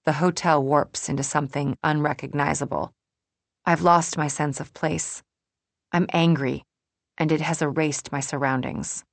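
A woman's voice: sits low, fairly even intonation, normal speed, gravelly, dry recording. A young adult woman narrating a novel in the first person, with a wry, introspective manner into a close studio mic. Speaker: audiobook narrator.

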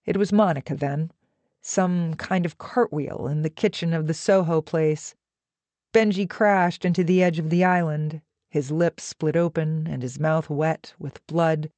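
A woman narrating an audiobook with an even, measured reading. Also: deep voice, no room sound.

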